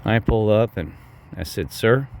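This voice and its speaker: A man with a lowish voice rants through a personal story, cursing and circling back on himself. His pitch leaps up when he quotes his own angry words. Faint noise hums behind him. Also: lively intonation, unhurried, darkish tone. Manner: heated, cursing, repeats "I said" often, voice jumps higher when quoting himself. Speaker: vlogger telling a personal story. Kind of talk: rambling angry storytelling to viewers.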